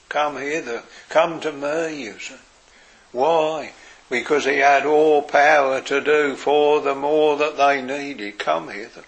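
Slow, gravelly-voiced male preacher. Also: medium pitch. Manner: slow, earnest preaching with soft, quiet quoted phrases. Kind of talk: sermon.

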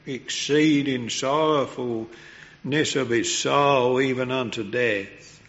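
A man preaching a sermon at a slow, unhurried pace, reverent and earnest. His voice is of middling pitch. The recording sounds muffled and lo-fi. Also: a bit bright.

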